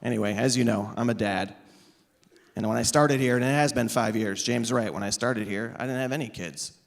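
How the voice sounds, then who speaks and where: A comedian in his thirties does stand-up before a live audience, speaking into an amplified stage microphone. His mid-range, gravelly voice runs a little fast as he sarcastically teases the crowd.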